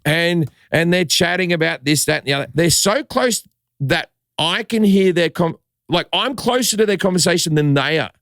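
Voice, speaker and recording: A man's voice: a little high, normal speed, no echo, studio quality. A man telling a story as a comedian guest on a podcast, acting out the people in it and swearing freely. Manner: animated, acts out quotes, swears freely. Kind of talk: casual storytelling.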